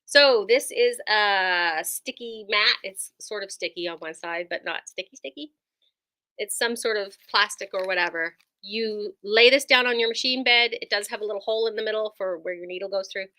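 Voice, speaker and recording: A woman's voice: medium pitch, normal speed, few pauses, bright, forceful tone. A woman who runs a quilt shop, chatting enthusiastically through a casual product demo with lots of ums and likes.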